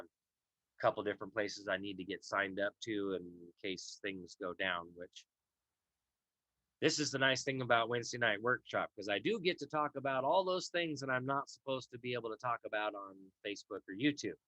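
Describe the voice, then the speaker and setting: A man's voice: on the low side, normal speed, bright, forceful tone, no echo. A tired man hosting a casual livestream, reading viewer comments and rambling with many fillers and restarts. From Idaho, US. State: tired, yawning. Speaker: host of a law livestream. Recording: dull lo-fi stream audio.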